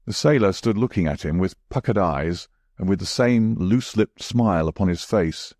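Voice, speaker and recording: A man reading a classic mystery story as measured audiobook narration. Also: sits low, expressive, darkish tone, dry recording, clean studio sound.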